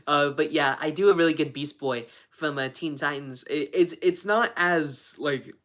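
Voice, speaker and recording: Low-voiced, rambling young woman streamer. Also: normal speed, fairly bright tone. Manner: rambling, giggly, stumbling restarts. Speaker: livestreamer. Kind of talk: casual chat.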